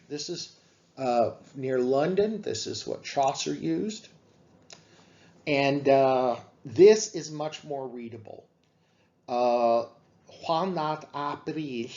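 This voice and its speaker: Slow-talking male lecturer, lo-fi sound. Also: mid-range voice, a little mellow. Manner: slow, explanatory, with frequent fillers. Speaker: literature lecturer. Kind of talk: classroom lecture.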